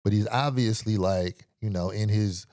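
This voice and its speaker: A man, hosting a podcast and telling a story in animated, profane style with vocal sound effects. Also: lowish voice, moderate pace, no echo, clean studio sound. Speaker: podcast host. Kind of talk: storytelling commentary.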